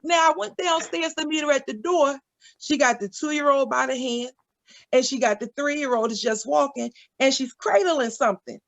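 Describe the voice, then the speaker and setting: A woman in her forties doing stand-up comedy, telling stories in a playful, animated way and acting out what others say. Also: high-pitched, moderate pace, vocal fry, no echo, highs cut off. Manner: animated, playful storytelling with acted-out quotes.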